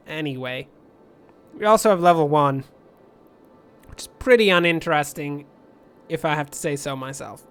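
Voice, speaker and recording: A man's voice: a little high, normal speed, pauses often, clean tone, no echo. Rambling jokey man narrating gameplay. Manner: jokey, rambling, sudden shouted outbursts. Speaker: let's play host. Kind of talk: rambling game commentary.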